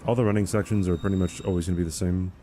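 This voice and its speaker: A man with a mellow, lowish voice talks casually as he streams a game, rambling through replies to questions from chat. His tone stays steady and his delivery is rapid-fire, with a faint hum in the background.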